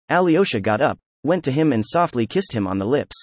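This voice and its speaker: A man narrating an audiobook in an even, unhurried read. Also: mid-range voice, breathy edge, dry recording. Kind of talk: scripted narration.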